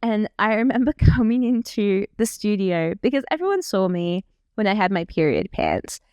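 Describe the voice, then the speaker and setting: A woman's voice: medium pitch, very animated, moderate pace, darkish tone, smooth, no room sound. A young woman in her twenties rambles happily as she reacts to her old clips. She is chatty and self-mocking. Her voice is recorded dry and close, with no room sound. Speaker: vlogger. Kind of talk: casual reaction chat.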